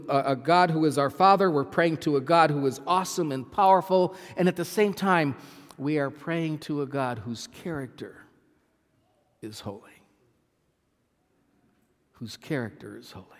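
Emphatic preaching man, hall reverb. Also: on the high side. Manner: emphatic, repeats phrases, swells and drops in volume. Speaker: pastor. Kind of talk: sermon.

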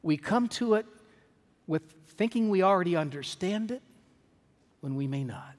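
A male pastor preaching in a church sanctuary, reading a storybook aloud and then reflecting on it. His voice sits a little high for a man, and his delivery is measured and earnest. A long hall reverb hangs on every phrase. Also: animated, a little mellow.

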